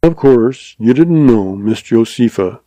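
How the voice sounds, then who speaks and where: A man doing a quick-witted young cowboy in a storybook reading, folksy and easygoing as he spins his tale. The tone is mellow and close in a dry room. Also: medium pitch, animated, no echo. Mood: mock mournful.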